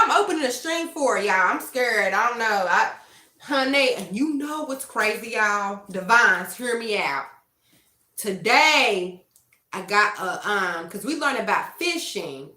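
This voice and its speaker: A young adult woman hosting a casual tarot livestream, animated and laughing often as she talks straight to her chat. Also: mid-range voice, takes it slowly, roomy sound. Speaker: tarot reader and livestream host.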